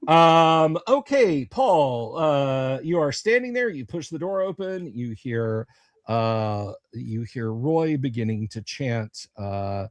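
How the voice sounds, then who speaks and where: A man working as dungeon master, describing a scene in a halting way with many pauses and fillers. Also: mid-range voice, sing-song, no echo. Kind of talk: running a tabletop game on a livestream.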